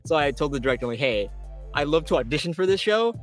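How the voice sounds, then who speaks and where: Excitable male voice actor telling stories. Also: fast talker, faint music behind. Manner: excitable, quotes himself with big pitch jumps. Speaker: voice actor guest. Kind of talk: animated storytelling in an interview.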